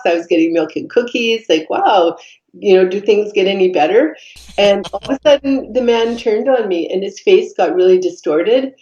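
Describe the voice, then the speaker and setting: A woman, a podcast guest telling her life story in an earnest, reflective way, pausing often with fillers. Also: medium pitch, a little mellow. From Canada. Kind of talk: personal storytelling in conversation. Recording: dull echoey room recording.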